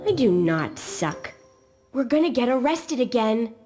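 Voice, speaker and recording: A voice actor playing a nervous, rule-following young student in a game cutscene, heard as game audio with music underneath. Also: male voice, extremely high pitch, sing-song, a little slow, heavily acted. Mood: defensive. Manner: anxious, whiny.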